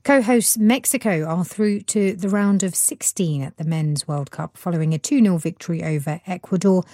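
Measured woman reading a radio news bulletin. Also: lowish voice, mellow, no echo, clean studio sound. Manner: measured, formal delivery. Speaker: newsreader.

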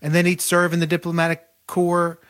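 Man telling history with animated detail. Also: fairly high pitch, brisk. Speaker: author guest. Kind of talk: podcast interview.

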